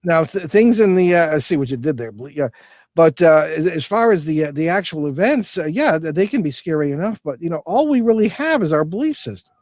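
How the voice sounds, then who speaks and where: A man's voice: fairly high pitch, expressive, brisk, a little mellow, no room sound. An older man, a guest in an interview, telling a long anecdote in a loose, rambling way with many restarts and fillers. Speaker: guest, paranormal investigator. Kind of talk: casual storytelling interview.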